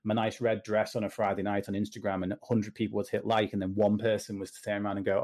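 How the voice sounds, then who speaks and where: A British man speaking as a guest in a casual interview, animated and joking as he gives advice. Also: fairly low pitch. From Britain. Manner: animated, jokey, talks in quick asides. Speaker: podcast guest, confidence coach.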